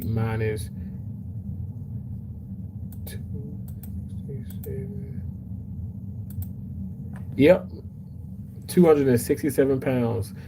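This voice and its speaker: A man's voice: mid-range voice, warm tone, a little hiss or hum, low-quality recording. A man hosting a casual livestream, chatty and emotional as he reads comments aloud. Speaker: livestream host reading chat.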